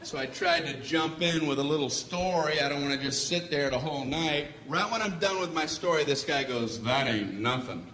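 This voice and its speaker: A man performing a stand-up comedy set on a club stage, breaking into loud, high, silly voices for his bits. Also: fairly quick, few pauses. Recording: roomy club sound, loud crowd noise. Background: audience laughter.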